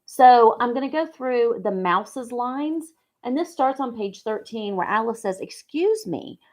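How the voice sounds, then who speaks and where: Relaxed, chatty woman teaching. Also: fairly high pitch, measured pace. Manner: chatty, relaxed, frequent fillers. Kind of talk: casual instruction.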